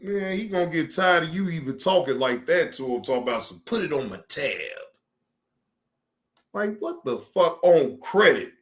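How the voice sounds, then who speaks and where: A man streaming, riffing in a loose, profane rant with a ring. His voice sits a little high, and he circles back over the same lines for emphasis. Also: normal speed, hardly any pauses. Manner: animated, profane, repeats himself for emphasis. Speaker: streamer reacting to news.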